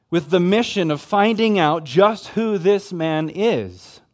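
A man with a somewhat high voice delivers an expository sermon on scripture. He speaks in a measured way and leans on repeated phrases for emphasis. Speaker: Bible teacher.

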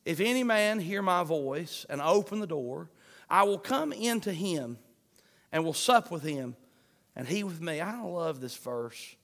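A man preaching a sermon, fervent, swinging between shouts and hushed pleading. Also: high voice, expressive, measured pace. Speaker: pastor. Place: church sanctuary. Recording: long hall reverb.

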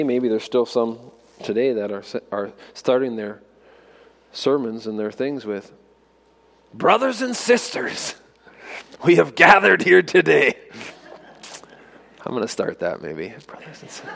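A man's voice: medium pitch, a little mellow, long reverb tail. A man preaching a sermon, asking his listeners rhetorical questions and building to emphatic exhortations. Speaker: pastor.

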